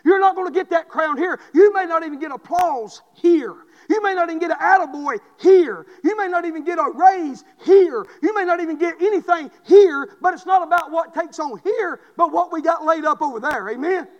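A man, preaching a fervent sermon and building to shouted peaks with repeated refrains. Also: extremely high pitch, normal speed, few pauses, in a large hall, dull audio. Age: 40s.

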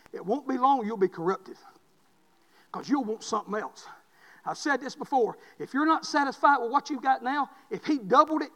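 A man, preaching a fervent sermon and building to shouted peaks with repeated refrains. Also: high-pitched, long reverb tail. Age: 40s.

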